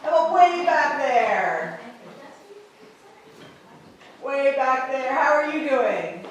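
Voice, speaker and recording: A woman teaching a sign language class in a library room, encouraging and emphatic, repeating phrases slowly for her learners. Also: high-pitched, sing-song, slight background noise. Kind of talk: classroom instruction. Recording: echoey room, voice far off.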